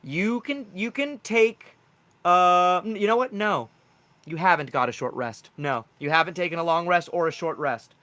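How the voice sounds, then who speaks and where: Bright-voiced male game master. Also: moderate pace. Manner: animated, with jumps in pitch and loudness. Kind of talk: narrating a tabletop game.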